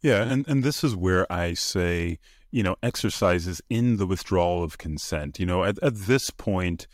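Animated man with a low voice. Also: unhurried, no room sound, clean studio sound. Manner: animated, acts out quoted voices in a higher pitch; conversational with frequent fillers and restarts. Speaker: podcast co-host. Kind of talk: casual discussion.

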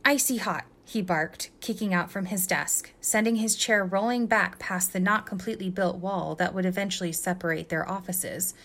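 A woman reading fan fiction aloud as a guest reader, telling it in a lively, expressive way. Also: fairly low pitch, moderate pace, hardly any pauses.

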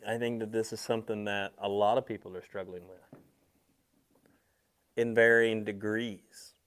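A man preaching a sermon in a conversational way, slowing and stressing key words, then dropping softly on asides to his listeners. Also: on the low side, level tone, clear, resonant tone. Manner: slows and swells on key words, drops soft on asides; conversational, speaks directly to listeners.

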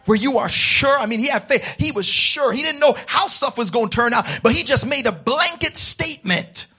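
A man preaching a sermon, calling on the congregation to answer and rising into shouted, passionate passages. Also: extremely high pitch, expressive, normal speed, husky, faint music behind. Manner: call-and-response with the congregation. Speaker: pastor.

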